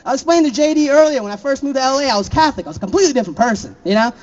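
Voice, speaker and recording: A man's voice: extremely high pitch, expressive, very fast, dull audio. A young man from Florida doing a stand-up set, laughing at his own jokes and throwing chatty asides to the crowd. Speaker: stand-up comedian.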